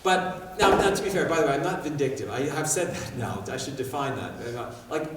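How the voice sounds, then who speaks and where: A man giving a public talk in a school hall, telling stories in an animated way, with sound effects. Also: mid-range voice, a little fast, very noisy. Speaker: guest speaker. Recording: echoey hall, far mic, faint ambience.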